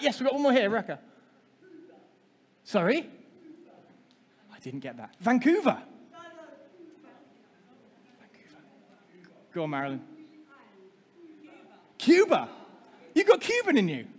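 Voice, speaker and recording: A man's voice: very high-pitched, sing-song, measured pace, pauses often. A man preaching a sermon as pastor, talking with the congregation and asking them questions. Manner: interactive, asks the congregation questions. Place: church hall. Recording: long hall reverb.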